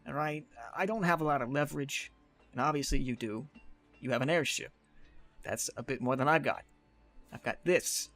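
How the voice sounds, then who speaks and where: A man's voice: a little high, fairly bright tone. A man playing a nervous one-eyed character with a cane in a tabletop game, stammering and pleading. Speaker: player.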